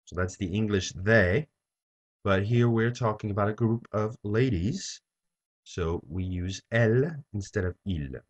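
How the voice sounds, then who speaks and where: A man teaching a French lesson, saying each phrase slowly and repeating it for learners to copy. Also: fairly low pitch. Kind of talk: slow language lesson. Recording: dull lo-fi recording.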